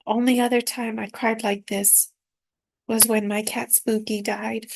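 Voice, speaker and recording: A woman reading aloud from her own spiritual dream journal in a soft, unhurried, reflective way. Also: a little high, flat delivery, gravelly, a little hiss or hum.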